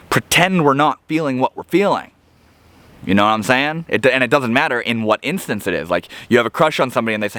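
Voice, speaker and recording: A man's voice: mid-range voice, a bit bright, dry recording. A man giving a reflective motivational monologue to camera, earnest and searching, often restarting his phrases as he thinks. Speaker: self-help video creator.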